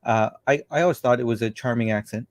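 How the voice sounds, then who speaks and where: A man's voice: mid-range voice, fast, no echo. Rambling male host, dry sound. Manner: rambling, thinking aloud. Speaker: show host. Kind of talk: casual livestream chat.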